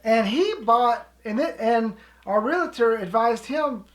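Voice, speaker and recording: A woman's voice: on the high side, animated, takes it slowly. Chatty woman telling a rambling story. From living in Alaska. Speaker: co-host. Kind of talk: casual storytelling chat.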